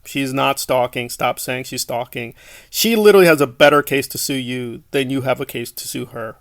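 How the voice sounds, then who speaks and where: A man's voice: medium pitch, moderate pace, a bit bright, dry recording, studio quality. A man giving sarcastic online commentary, mocking and scornful.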